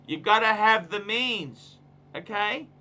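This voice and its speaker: Man, livestream host, emphatic ranting delivery, very bright tone, slight background noise. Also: sits high, expressive, takes it slowly. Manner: emphatic, repetitive, ranting advice. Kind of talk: casual livestream chat.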